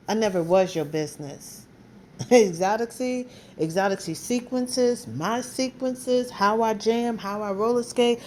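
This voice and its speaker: Heated woman ranting, mellow voice. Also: mid-range voice, a little hiss or hum. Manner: blunt, heated, profane, repeats insults. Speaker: vlogger. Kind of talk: angry direct-to-camera rant.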